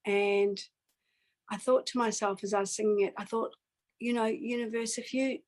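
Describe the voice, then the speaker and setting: A woman, a singer-songwriter guest, telling a personal story in an earnest, reflective way with pauses and fillers. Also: mid-range voice, level tone, rough recording.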